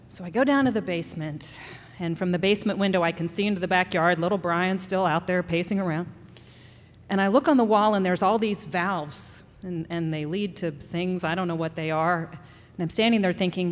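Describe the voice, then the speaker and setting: Animated woman storyteller on a reverberant stage. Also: medium pitch, moderate pace. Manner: animated, building to emotional outbursts. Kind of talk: live storytelling performance. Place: stage at a live storytelling event. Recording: live stage with hall reverb.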